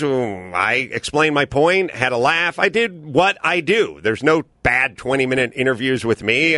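A man's voice: on the high side, fairly bright tone, no room sound, studio quality. A comedian in his fifties hosting a podcast, telling a story in an indignant, sarcastic ranting way with some swearing. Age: 50s. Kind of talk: casual storytelling chat.

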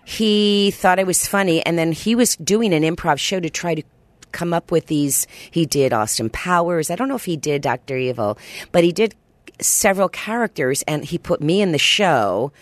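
Animated middle-aged woman, lively pitch. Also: moderate pace, dry recording. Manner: animated, pitch jumps high when excited. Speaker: guest. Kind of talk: casual interview chat.

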